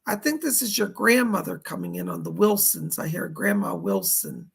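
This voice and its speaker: With a throat gone dry and hoarse, a man chats through his live psychic reading stream in a voice that is nearly all rasp and deep gravel. He's very animated at a moderate pace, delivering spirit messages and thanking each viewer by name.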